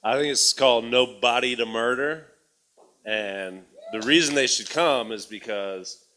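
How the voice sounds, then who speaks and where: A man's voice: medium pitch, unhurried, bright, forceful tone. A man in a theatre audience, a local actor, giving easygoing joking replies to the comedian.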